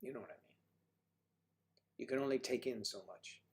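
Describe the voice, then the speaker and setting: A man's voice: mid-range voice, a little fast, gravelly. A man hosts a casual livestream and reads viewer comments aloud. He chats in a teasing way and calls his viewers sweetie and honey. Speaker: livestream host reading chat.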